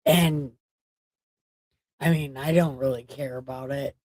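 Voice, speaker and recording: A woman's voice: rumbling low, fairly even intonation, takes it slowly, a little mellow, dry recording. A tired woman hosting a late-night livestream, rambling and joking as she chats with her viewers. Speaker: livestream host.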